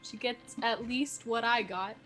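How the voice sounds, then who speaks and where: A woman playing a tabletop game, expressive and given to dramatic asides. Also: on the high side, unhurried, soft background music. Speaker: player. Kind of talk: casual chat at a tabletop game.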